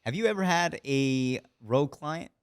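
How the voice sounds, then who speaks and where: A man's voice: a little high, lively intonation, moderate pace, clear, resonant tone, dry recording, studio quality. A man hosting a podcast, asking casual questions with short friendly affirmations. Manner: friendly, brief affirmations, laughs easily. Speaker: podcast host.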